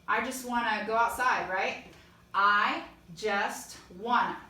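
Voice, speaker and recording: Bright-voiced woman teaching songwriting. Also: on the high side, slow. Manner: explains step by step, sings short lines to check. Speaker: music teacher. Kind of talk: online songwriting lesson. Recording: echoey room, a bit far from mic.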